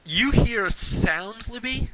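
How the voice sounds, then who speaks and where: Bright lively-voiced man running a tabletop game. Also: extremely high pitch, slow, rough recording. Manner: animated, hesitant fillers, puts on shouted voices for figures. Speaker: dungeon master.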